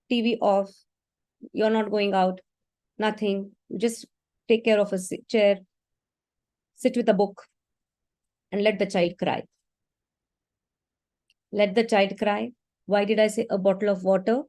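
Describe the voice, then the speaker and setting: A woman's voice: medium pitch, darkish tone, no echo. A woman in an online meeting, giving parents earnest, practical advice on their children's tantrums, speaking to them directly. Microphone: video call.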